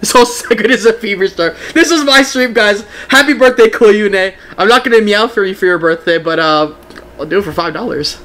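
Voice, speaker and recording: Bright, high-voiced excitable male streamer. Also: fairly quick. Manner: excitable, giggly, talks to chat. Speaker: game streamer. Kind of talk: casual live-stream chat.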